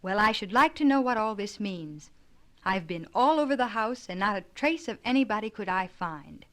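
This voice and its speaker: In an audiobook, a woman voices a gruff, impatient old grandfather from a storybook who is used to giving orders. He speaks brusquely and commandingly, somewhat louder than her narration, in a mid-range, animated voice at a moderate pace that stays close to an everyday voice.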